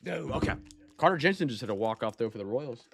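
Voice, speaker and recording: A man's voice: mid-range voice, expressive, fast talker, vocal fry, a bit bright, slightly rough. A man hosting a live-streamed trading card break, chatting casually with viewers and reading out player names as he goes.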